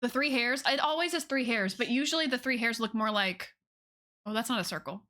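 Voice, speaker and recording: A woman's voice: on the high side, brisk, bright, forceful tone. A woman streamer chatting casually with her viewers, bubbly and giggly. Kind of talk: casual chat with viewers while drawing.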